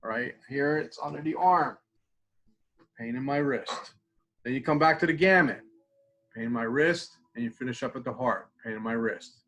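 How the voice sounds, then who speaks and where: A middle-aged man teaching a mindfulness tapping exercise in a classroom, talking conversationally and repeating phrases softly as he demonstrates. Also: medium pitch, moderate pace, low-quality recording. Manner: conversational, repeats phrases while demonstrating, drops to quiet murmurs. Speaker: mindfulness instructor.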